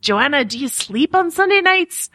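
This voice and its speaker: A woman putting on an exaggerated Scottish accent with a heavy rolling burr while she slowly reads a fan review aloud on a podcast. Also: high-pitched, expressive, pushed and bright, pitched above the performer's own voice. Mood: hammy. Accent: put-on Scottish. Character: reviewer read in a hammy put-on Scottish burr.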